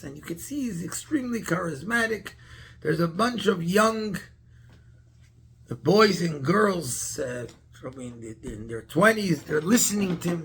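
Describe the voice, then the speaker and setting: A man's voice: high-pitched, fairly bright tone, a little hiss or hum. A man, a rabbi, tells a story in a Torah class, stopping often to search for words and restart his sentences.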